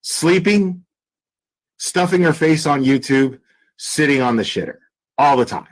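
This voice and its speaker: A man's voice: fairly high pitch, lively intonation, a little slow, poor audio. A man hosting a casual livestream commentary, talking bluntly and crudely with lots of fillers and restarts. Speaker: commentary channel host.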